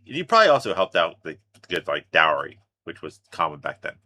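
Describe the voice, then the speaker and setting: A man's voice: low voice, wildly swooping pitch, brisk, pushed and bright, a little hiss or hum. A man hosting a reaction video, cracking jokes and swearing offhandedly in casual commentary.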